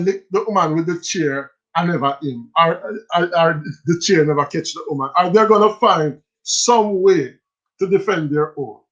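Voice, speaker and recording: A man's voice: high voice, muffled recording. A man with a Jamaican accent hosting a casual livestream, reading viewer comments and slipping into patois. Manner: animated, switches into patois, reads viewer messages aloud. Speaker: livestream host.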